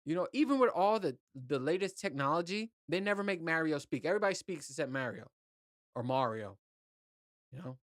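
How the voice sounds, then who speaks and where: A man's voice: a little high, lively intonation, brisk, dry recording, clean studio sound. Rambling, profane male podcast host. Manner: rambling, profane, laid-back. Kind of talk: casual solo podcast monologue.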